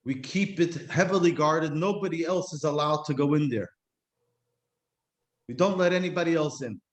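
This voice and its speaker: Brief: a reflective male teacher giving a class, slightly high voice, roomy echo. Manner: reflective, slows to stress key words. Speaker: Jewish teacher. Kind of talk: explanatory class talk.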